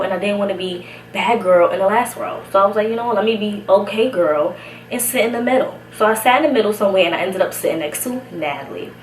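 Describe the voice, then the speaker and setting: A young woman from Brooklyn telling a casual, slangy storytime as a vlogger, slightly out of breath. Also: mid-range voice. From Brooklyn, New York. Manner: chatty, slangy, laughs often. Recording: echoey room, somewhat far from mic, faint hiss.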